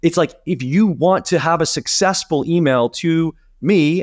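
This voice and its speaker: A man co-hosting a podcast in casual chat, talking animatedly and swearing, his pitch jumping up when he gets indignant. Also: moderate pace, hardly any pauses, dry recording, studio quality. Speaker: podcast co-host.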